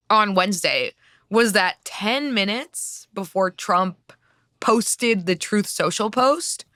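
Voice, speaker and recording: American woman, young adult, chatty co-host, bright crisp voice, dry close sound. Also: fairly low pitch, no room sound. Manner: animated, rapid, chatty with filler words. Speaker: co-host, journalist. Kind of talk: casual political chat.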